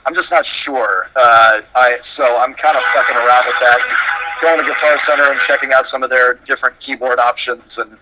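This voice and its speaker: A man's voice: medium pitch, fairly even intonation, moderate pace, background noise. A man from Dallas, a musician talking about his work in a loose, playful way, swearing freely. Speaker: musician guest. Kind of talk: casual chat.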